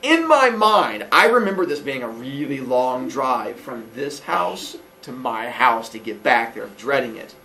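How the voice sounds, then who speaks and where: Animated man telling a funny story. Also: measured pace, few pauses, recorded from a distance. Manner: animated, laughing often, acting out quotes in a high voice. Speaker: podcast host. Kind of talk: casual personal storytelling.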